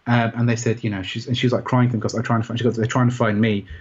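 A man recounting a personal experience in an interview, rambling and halting with many restarts. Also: medium pitch, level tone, slightly rough. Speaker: interview guest. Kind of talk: personal story in conversation. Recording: dull, muffled sound.

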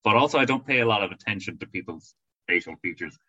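A man co-hosting a podcast, chatting casually in a lively, self-deprecating way. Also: on the low side, fast, husky. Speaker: podcast co-host. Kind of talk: casual chat. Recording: dull lo-fi mic.

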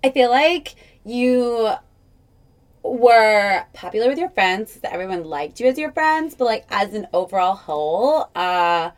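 A woman's voice: medium pitch, animated, unhurried. A young woman with a Boston accent, co-hosting a podcast in casual chat, playful and affectionate, clipping her words short. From Boston area. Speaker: podcast co-host.

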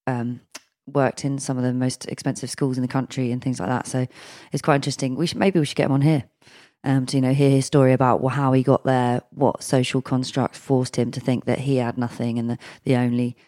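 A man's voice: medium pitch, flat delivery, brisk, a little mellow. Man musing with lots of ums. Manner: thoughtful, hesitant with many ums. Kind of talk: casual chat.

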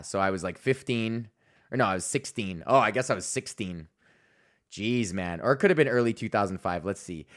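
A man's voice: mid-range voice, fairly bright tone. A man in his thirties from Canada hosting a podcast, talking in a rambling, profane casual monologue with laughing asides. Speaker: podcast host.

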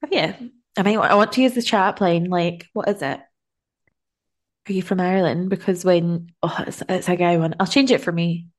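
A woman's voice: on the low side, steady tone, moderate pace. A woman co-hosting a podcast in casual chat, chatty and giggly, tired after a long day of travel. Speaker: podcast co-host.

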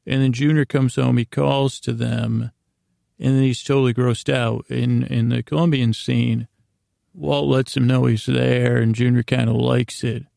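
A man hosting a slow bedtime podcast, recapping a TV episode in a meandering, hesitant way with frequent restarts. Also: medium pitch, little pitch movement, creaky, darkish tone, dry recording, clean studio sound. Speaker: podcast host.

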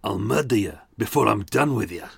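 A man's voice: lowish voice, lively intonation, a little fast, exaggerated voice. A man voicing a violent, angry older Scottish husband in a harsh, guttural attempted Glaswegian accent. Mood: menacing. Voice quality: gruff, guttural.

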